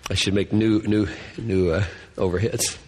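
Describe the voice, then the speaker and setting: Husky-voiced man teaching in a reverberant room. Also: lowish voice, steady tone, normal speed. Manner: earnest, thinks aloud, repeats key words. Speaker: Bible teacher. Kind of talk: classroom Bible lecture.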